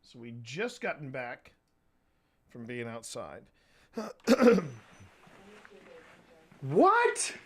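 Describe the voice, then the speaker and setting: A man hosting a live stream, chatting casually in a rambling way and often clearing his throat. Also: mid-range voice, huge pitch swings, extremely slow, long pauses, fairly bright tone. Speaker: streamer and host. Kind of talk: casual live-stream chat while gaming.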